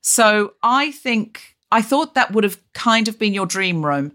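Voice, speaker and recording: A woman's voice: medium pitch, a little slow, hardly any pauses, a bit bright. A woman raised in Australia hosting a podcast, chatty and self-deprecating, recorded remotely. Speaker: podcast host. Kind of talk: casual chat.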